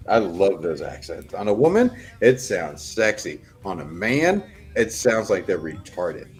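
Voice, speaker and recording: A man's voice: deep voice, very animated, unhurried, husky, faint music behind. A man co-hosting a livestream in easygoing, rambling casual chat. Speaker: co-host.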